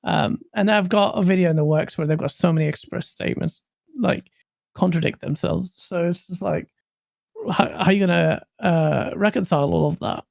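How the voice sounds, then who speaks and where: A gaming stream co-host ranting casually, animated, swearing and laughing often. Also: medium pitch, normal speed, vocal fry, no room sound, clean studio sound.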